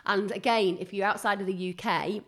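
A middle-aged British woman co-hosting a chat podcast, with a voice of ordinary middle pitch. She rambles cheerfully from one thought to the next and giggles easily. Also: steady tone, normal speed. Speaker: podcast co-host. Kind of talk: casual chat.

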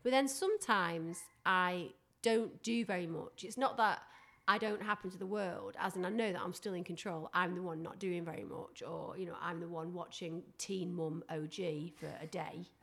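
A woman with a strong Northern English accent, co-hosting a casual podcast at home and telling stories with lively, acted-out asides. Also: on the low side, moderate pace. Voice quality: animated, acts out voices in her anecdotes. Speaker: podcast co-host. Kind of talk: casual chat. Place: home, dogs nearby.

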